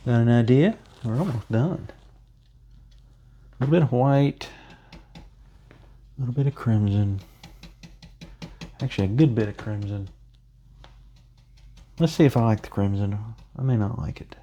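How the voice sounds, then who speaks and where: Painting instructor, man, mellow low voice, rambling and self-mocking, dull lo-fi sound. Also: unhurried, long pauses. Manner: chatty, self-joking, rambling asides. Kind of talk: casual painting tutorial.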